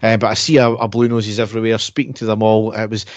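A man's voice: on the low side, completely flat delivery, fast, dry recording. A man co-hosting a podcast, telling a story in a chatty way and laughing at his own tales. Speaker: podcast co-host. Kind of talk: casual chat.

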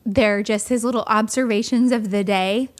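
A woman chatting casually as a co-host, reacting quickly and adding her own remarks. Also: on the high side, steady tone. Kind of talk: casual chat.

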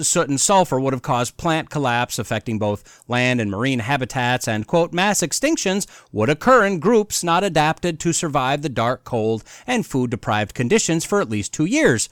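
A man's voice: fairly high pitch, very animated, moderate pace, few pauses, clear, resonant tone, no echo, studio quality. A man hosting a podcast, sarcastically mocking an article as he reads quotes from it aloud. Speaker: podcast host.

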